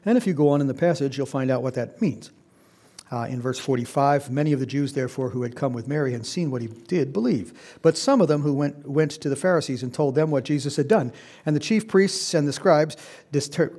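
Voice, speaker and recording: A man's voice: medium pitch, brisk, mellow. A man preaching a conversational Bible-teaching sermon, putting questions to his listeners. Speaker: pastor.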